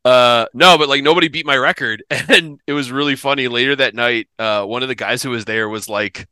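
A man's voice: mid-range voice, a little fast, pushed and bright, clear, resonant tone, no echo. A man in his thirties from the Philadelphia area, telling a profane comic story on a podcast and laughing often. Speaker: podcast host. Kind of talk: casual comedic storytelling.

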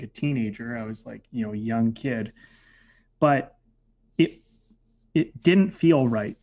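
A man's voice: medium pitch, a little mellow. Guy telling a story from his past, chatty, lots of likes, thoughtful. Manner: reflective, filler-heavy with frequent "like". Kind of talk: casual personal storytelling.

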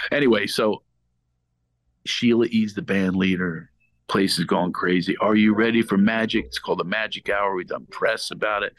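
A middle-aged man from Philadelphia, a comedian, tells his story with a very deep voice. The sound is dry and close, and he keeps slipping into character impressions. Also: vocal fry, no room sound, poor audio. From Philadelphia, United States. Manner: animated storyteller who slips into impressions. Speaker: guest comedian. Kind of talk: podcast storytelling.

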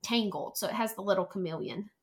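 A woman chatting as a guest, an animated storyteller who acts out quotes. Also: mid-range voice, quick pace, creaky. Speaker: podcast guest, travel planner. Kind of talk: casual chat.

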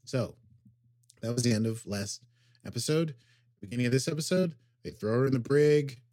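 A man's voice: mid-range voice, normal speed, dark tone, no room sound, clean studio sound. Rambling man recapping an episode. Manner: rambling, filler-heavy summarizing with acted quotes. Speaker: podcast co-host. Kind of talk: casual recap chat.

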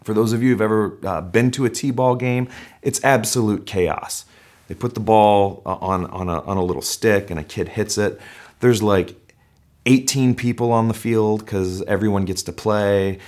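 A middle-aged male pastor giving a sermon, telling a story with animated delivery and shouting out the crowd's cheers. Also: on the low side, normal speed.

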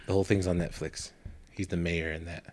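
On a casual podcast, a man animatedly tells profane stories and laughs often. His voice is deep and his pace brisk.

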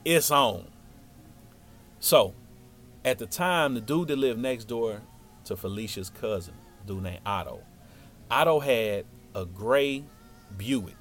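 Man storyteller, lively up-and-down delivery, loose slangy street talk, faint music under. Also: on the low side, unhurried. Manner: animated, slangy, lively telling. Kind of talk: casual spoken storytelling.

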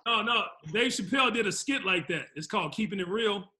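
A man co-hosting a talk show, chatting in a casual, animated way and acting out quotes. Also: high voice, a little fast. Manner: animated, laughing, acts out quotes. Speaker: podcast co-host. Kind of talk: casual chat.

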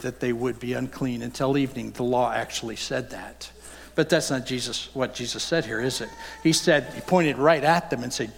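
A man preaching a sermon as pastor, earnest, climbing sharply in pitch when he voices rebukes. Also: gravelly. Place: church sanctuary. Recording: long hall reverb.

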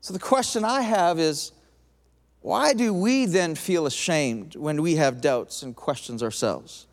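A man preaching a sermon with an animated delivery, swinging from lively emphasis to a soft, intense tone. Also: fairly high pitch, measured pace, long reverb tail. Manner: animated, acts out quoted voices, drops to soft intense tone.

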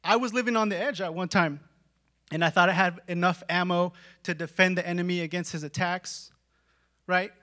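A man preaches with a high, bright, ringing voice. He talks casually, tossing in "like" and "right?", and swings from quiet, intimate stretches to full shouts. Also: steady tone, normal speed. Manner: dramatic swings from hushed to shouting; conversational, with filler "like" and "right?". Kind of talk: sermon.

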